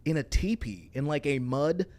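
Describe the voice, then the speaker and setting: Animated young man telling stories. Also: fairly high pitch, normal speed. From Tanzania. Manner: animated storyteller, acts out quoted voices, laughs often. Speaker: guest comedian. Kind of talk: casual storytelling interview.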